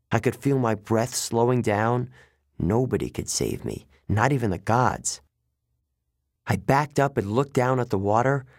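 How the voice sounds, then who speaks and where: A man reading a first-person story aloud as an audiobook narrator, with tense, steady storytelling. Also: medium pitch, no echo, clean studio sound.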